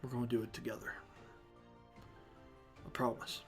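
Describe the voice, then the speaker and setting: A man voicing a quiet, earnest male ally. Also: mid-range voice, level tone, moderate pace, soft background music, close to an everyday voice. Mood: solemn, earnest. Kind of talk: tabletop game role-play.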